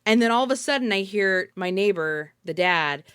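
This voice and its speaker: A woman's voice: medium pitch, animated, normal speed, fairly bright tone, clear, resonant tone, no echo, studio quality. A woman co-hosting a podcast, telling a neighborhood story in a playful, laughing way. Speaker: podcast co-host. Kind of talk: casual comedic storytelling.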